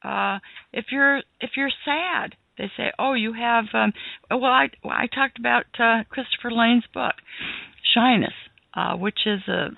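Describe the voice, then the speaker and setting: A woman speaks as a radio guest in an earnest, halting way, restarting her phrases often. Her voice is strongly gravelly and creaky. It comes through a dry, narrow, phone-like line. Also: on the high side, no echo. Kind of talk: radio interview.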